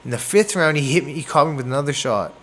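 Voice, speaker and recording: A man from Canada, a boxer, telling a fight story in a casual interview, animated and acting out moments with sound words. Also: a little high, fast talker, a little hiss or hum. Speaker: boxer guest.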